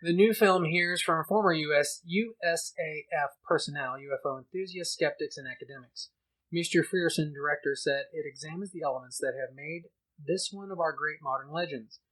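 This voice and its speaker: A podcast host reading a news article aloud in an exaggerated put-on Cockney accent, hamming it up as a mock newsreader. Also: male voice, fairly high pitch, moderate pace, fairly bright tone, poor audio. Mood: hammy.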